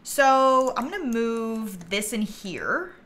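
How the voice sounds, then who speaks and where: A woman livestreaming a game, chatting casually and thinking aloud, with bursts of giggly excitement. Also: on the high side, slow pace, a little hiss or hum. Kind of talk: casual gameplay commentary.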